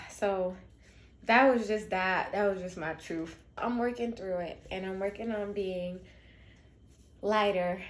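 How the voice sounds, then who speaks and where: A woman's voice: mid-range voice, reverberant. A young woman vlogging about raising her late sister's children, emotional and confiding, talking straight to her viewers. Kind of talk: candid personal vlog.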